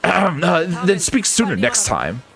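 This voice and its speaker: A man's voice: high-pitched, huge pitch swings, slow, creaky, a bit bright. A man streaming a game, reading its dialogue aloud and joking with his chat between lines in a playful, chuckling way.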